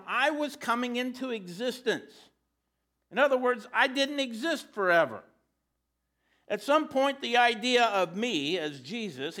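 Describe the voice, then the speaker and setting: A male preacher with a high, bright voice delivers a sermon. He keeps it conversational and drops in joking asides.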